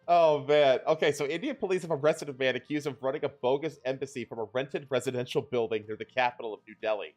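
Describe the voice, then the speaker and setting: A man co-hosting a podcast, reading news stories in a loose, joking way and laughing often. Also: on the high side. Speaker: podcast co-host. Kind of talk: casual news chat.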